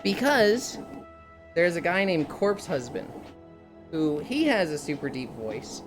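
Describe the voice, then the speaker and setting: A woman's voice: on the low side, big pitch swings, takes it slowly, music in the background. A young woman streamer chatting casually with her viewers, telling stories animatedly and slipping into mocking impressions. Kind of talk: casual chat with chat readers.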